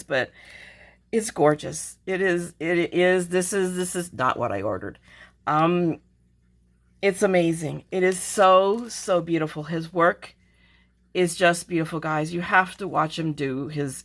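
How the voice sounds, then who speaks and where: A woman's voice: lowish voice, a bit bright. A middle-aged woman chatting casually as a crafting vlogger, gushing and emotional as she opens her mail. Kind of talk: casual chat.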